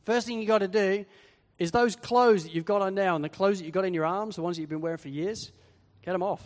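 High-voiced preacher in a reverberant hall. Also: male voice, quick pace. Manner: lively, acts out quoted voices. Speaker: pastor. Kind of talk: sermon.

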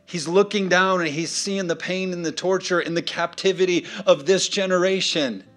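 A man preaching in a church, animated, swinging from loud, punchy calls to quiet, joking asides. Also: high voice, moderate pace, faint music behind. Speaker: pastor. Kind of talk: sermon.

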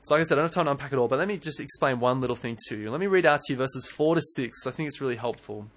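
A young man preaching a sermon in church, earnest and animated, often restarting his words. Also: medium pitch, rapid-fire. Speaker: pastor.

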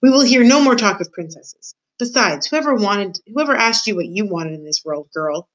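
A woman reading a storybook aloud, voicing a coarse, cruel peasant uncle who jeers loudly. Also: medium pitch, very animated, normal speed, poor audio. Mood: jeering. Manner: loud, jeering, gruff.

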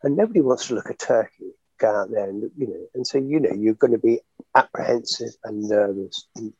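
An older actor reminiscing in an interview, telling animated stories with frequent laughter and fillers. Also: male voice, lowish voice, a little fast, breathy edge, no echo, highs cut off. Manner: chatty, animated storyteller, laughs often, many fillers. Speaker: actor guest.

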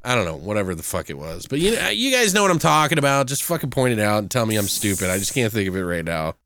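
A man's voice: on the low side, sing-song, quick pace, a bit bright. A young man co-hosting a movie review, talking casually in a profane, rambling way and laughing at his own jokes. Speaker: podcast co-host reviewing a movie. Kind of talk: casual chat.

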